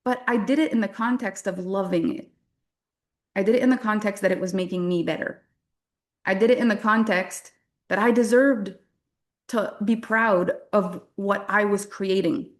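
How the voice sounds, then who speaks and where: A woman's voice: medium pitch, normal speed. A woman from French-speaking Canada giving a motivational workshop talk as a business coach, candid and self-deprecating, laughing often.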